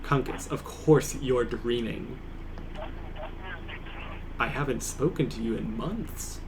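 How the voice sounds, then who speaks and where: A man reading a sardonic dark reflection spirit in a game, in a dry, sarcastic, slightly lowered voice. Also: slow pace, noisy background.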